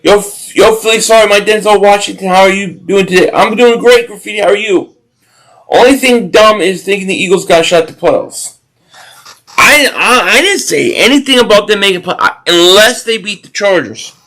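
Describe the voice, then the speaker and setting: A man's voice: high voice, normal speed, a bit bright, rough recording. A man hosting a live-stream football watch party, chatting loosely, reading viewer comments and reacting to plays while often restarting his sentences. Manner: rambling, restarts sentences, reacts to the game and chat.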